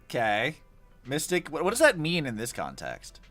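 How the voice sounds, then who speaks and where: A young man chats through a game stream, rambling and animated, his pitch jumping around as he talks. His tone is bright and forward, and soft music plays underneath. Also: moderate pace. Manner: chatty and animated, many fillers. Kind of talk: casual gameplay commentary.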